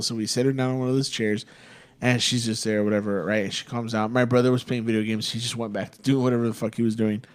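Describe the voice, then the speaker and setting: A young man, a podcast co-host, spins a rambling and profane story in a laid-back, casual voice. His pitch sits in a normal middle range. He comes across as easygoing and unhurried. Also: level tone. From Texas.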